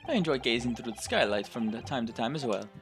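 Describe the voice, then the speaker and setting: A man's voice: animated, quick pace, over music, natural voice. A man voicing a sly male moneylender witness with an exaggerated, strained Irish accent, reading a game aloud. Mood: folksy. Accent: put-on Irish. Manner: folksy, sly, strained high put-on brogue.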